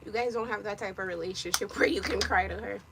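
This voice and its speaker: A young woman from Jamaica with a Jamaican accent, chatting casually and loudly while getting ready, teasing and cussing. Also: medium pitch, noisy background. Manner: loud, brash and teasing, quick to cuss. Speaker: vlogger. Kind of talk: casual live chat.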